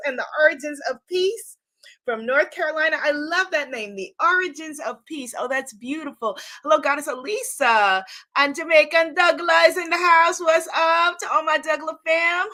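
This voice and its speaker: A woman with a very high, pushed, bright voice hosts a casual live-streamed spiritual talk from her home in New York City. She greets viewers by name and exclaims happily, recorded on a computer or phone mic.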